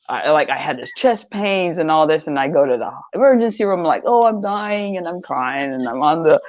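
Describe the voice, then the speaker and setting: A woman's voice: sits low, dry recording, highs cut off. An older woman, a guest in an interview, telling her story in a loose, rambling way, repeating words as she goes. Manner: rambling, repeats words, animated when quoting others. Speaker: interview guest, online seller.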